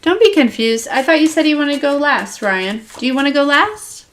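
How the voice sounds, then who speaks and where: A woman's voice: high voice, sing-song, normal speed, fairly bright tone. Chatty woman giving a tarot reading. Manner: chatty, laughs often, lots of fillers. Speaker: tarot reader. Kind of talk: casual livestream tarot reading.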